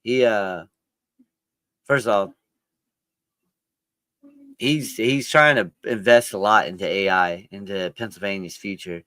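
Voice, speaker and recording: A man's voice: on the low side, slow pace, long pauses, fairly bright tone, dry recording. Joking, teasing man on a podcast. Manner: joking, laughs a lot, teasing. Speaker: podcast co-host. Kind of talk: casual chat over a watch-along.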